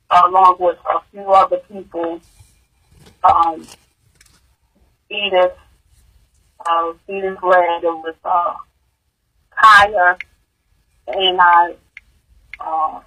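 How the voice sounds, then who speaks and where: A woman speaking as a grieving mother recounts her experience in an interview, faltering and repeating herself while her distress pushes her voice high. It sounds pushed, bright, and breathy, and the audio quality is poor.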